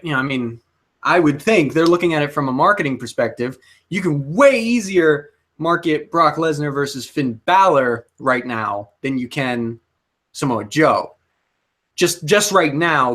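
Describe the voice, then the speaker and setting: A man's voice: medium pitch, fairly bright tone. A young man co-hosting a casual chat, rambling and hesitant, often restarting his sentences. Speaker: co-host.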